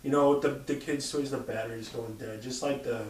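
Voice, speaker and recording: Animated, swearing man, roomy distant sound. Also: medium pitch, normal speed, slight background noise. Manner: animated, swears freely, acts out sounds and quotes. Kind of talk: casual storytelling chat.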